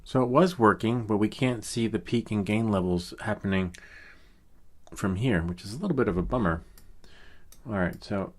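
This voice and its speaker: A middle-aged man with a very low voice walks through a software tutorial in a loose, unscripted way. He rambles, wanders off into asides and fills the gaps with ums and uhs. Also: moderate pace. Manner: rambling, chatty, with many fillers and asides. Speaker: tech tutorial host. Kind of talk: casual screen-recorded tutorial.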